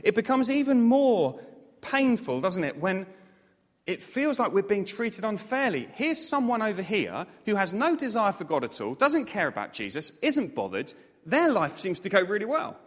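Guy preaching, high lively voice, jokes at himself, big echoey church. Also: normal speed. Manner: animated, self-mocking, jokey asides to the congregation. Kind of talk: sermon. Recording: long hall reverb.

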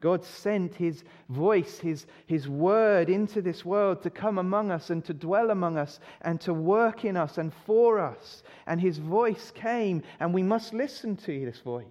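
A man's voice: sits high, lively intonation, a little slow, hardly any pauses, a little mellow. Man preaching in an echoing hall. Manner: emphatic, asks the listeners rhetorical questions. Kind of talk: sermon. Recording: dull recording in a reverberant hall.

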